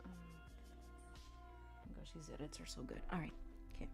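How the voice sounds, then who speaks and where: A soft-spoken woman chatting casually as she draws, often murmuring half to herself. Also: sits low, a little fast, gravelly. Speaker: artist streamer. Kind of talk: casual chat while drawing. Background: background music.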